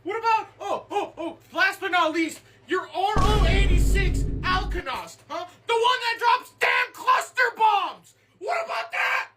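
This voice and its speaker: Sarcastic interrogating auditor, played by a woman, lowered voice, animated. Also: unhurried, few pauses, loud music behind the voice. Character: suspicious sarcastic tax auditor grilling a rich client. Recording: distant mic with noise.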